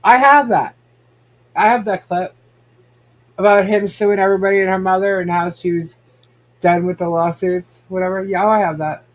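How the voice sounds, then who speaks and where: A man's voice: high-pitched, steady tone, moderate pace, pauses often. A man hosting a casual podcast, chatting and reacting to viewer comments. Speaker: podcast host. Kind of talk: casual gossip chat.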